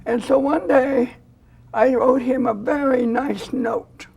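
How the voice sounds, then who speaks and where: A woman's voice: high voice, takes it slowly, creaky, slightly rough. An older woman, a foster grandparent volunteer, telling a story in a studio interview and acting out the quoted lines. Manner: animated storyteller who acts out quoted dialogue.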